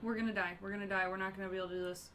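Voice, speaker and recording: A woman giving excitable live commentary as she streams a video game, gasping and yelping at what happens on screen. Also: mid-range voice, rapid-fire.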